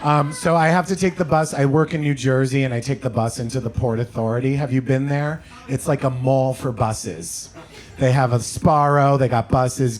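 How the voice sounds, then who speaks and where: A man doing a stand-up set at a comedy club, delivering deadpan one-liners with quick self-corrections. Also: medium pitch. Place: comedy club stage with audience laughter.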